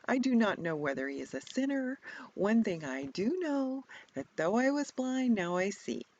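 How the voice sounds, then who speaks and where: A woman's voice: mid-range voice, sing-song, moderate pace, a little mellow, lo-fi sound, voice pushed up. A woman reading the part of a man born blind who has been healed, giving pointed, slightly snarky retorts. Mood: wondering. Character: man born blind, newly sighted, bold and exasperated.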